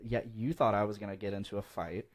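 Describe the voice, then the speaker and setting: A young man with a fairly low voice hosts a laid-back podcast chat. He laughs a lot, repeats words and restarts his sentences as he talks. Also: steady tone, fast talker. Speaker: podcast host. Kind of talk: casual chat.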